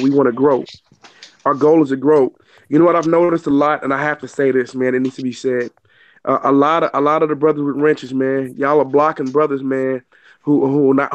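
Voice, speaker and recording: A man speaking emphatically and at length as a guest on a casual online boxing panel, stumbling and restarting. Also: medium pitch. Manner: emphatic, preachy, lots of restarts.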